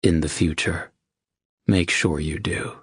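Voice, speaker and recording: A commanding, possessive man who speaks in a low, controlled murmur, as the narrator voices him. His voice sits very deep, husky and close-miked, with a dry sound. He reads like a protective audiobook lover. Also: steady tone, slow pace, no room sound, exaggerated voice. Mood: stern.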